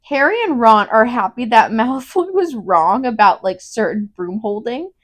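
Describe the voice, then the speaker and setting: A young woman co-hosting a casual book review, her voice sitting a little high. She rambles through the plot, leaning on "like" in nearly every phrase, quick and offhand. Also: expressive. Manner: rambling, fills every gap with "like", quick retelling. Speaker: podcast co-host.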